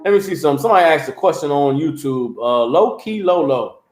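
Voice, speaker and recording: A man preaching on a livestream, animated and mocking, often asking "You understand?". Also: on the high side, fast, reverberant. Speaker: religious teacher.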